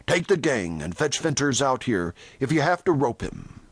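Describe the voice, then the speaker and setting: A man reading as a hard, curt frontier church elder in a storybook western, clipped and commanding. The pitch moves a good deal, and the recording is close and dry. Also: sing-song, moderate pace, husky, no echo. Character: stern tall dark male church elder.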